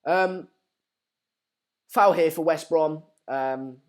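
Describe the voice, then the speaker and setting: Young male streamer with a slightly high voice, chatty and informal, riffing on viewer comments. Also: drawn-out words. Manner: chatty, reads out viewer comments with lots of fillers. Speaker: live-stream watchalong host. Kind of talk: casual live-stream commentary.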